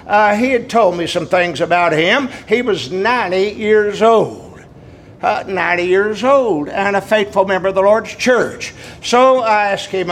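Older preacher, high folksy voice. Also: male voice, fairly bright tone, slight background noise. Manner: folksy storytelling, drawn-out pauses with many uh fillers. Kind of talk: sermon.

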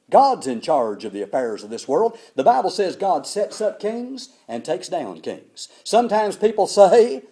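Emphatic preacher man with a mellow voice. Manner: dramatic pitch swings, emphatic repetition. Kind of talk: sermon.

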